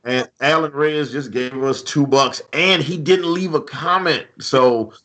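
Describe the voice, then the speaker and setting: A man's voice: mid-range voice, measured pace, a bit bright. A man co-hosting a live-streamed music talk show, laid back, laughing often and tripping over his words. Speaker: podcast co-host. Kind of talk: casual live-stream chat.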